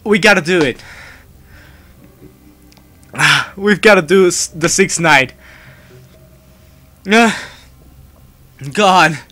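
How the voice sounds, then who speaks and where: Game streamer, male, English not his first language, high voice, frantic pleading commentary over faint music. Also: extremely slow, pauses often, pushed and bright. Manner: panicky, pleading and repetitive; swears when startled. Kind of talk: live gameplay commentary.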